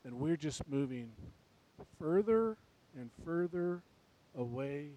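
A man preaching a sermon to a church congregation, swinging between quiet, reflective passages and loud, urgent ones. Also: fairly high pitch, animated, slow pace, rough recording. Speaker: pastor. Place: church sanctuary.

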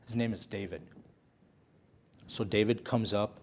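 A man's voice: on the low side, steady tone, unhurried, a little hiss or hum. A man preaching a sermon, telling a story with passion and repeating phrases for emphasis.

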